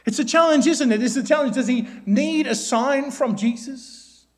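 A preacher delivers a sermon in a notably high voice, peppering the congregation with rhetorical questions and often tacking a quick "isn't it?" onto his points. Whenever he quotes a plea or prayer, he drops to a soft voice and slows right down.

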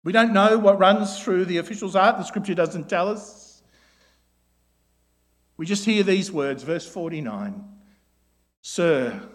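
High-voiced preacher with rhetorical questions. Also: male voice, expressive, slow pace, long pauses. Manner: asks rhetorical questions with tag questions, drops to a soft voice for quoted prayers. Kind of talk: sermon.

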